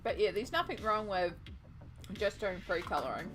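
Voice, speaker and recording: A woman's voice: medium pitch, lively intonation, normal speed. Casting: chatty woman, playful and teasing, art streamer, faint music behind. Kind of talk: casual chat while painting.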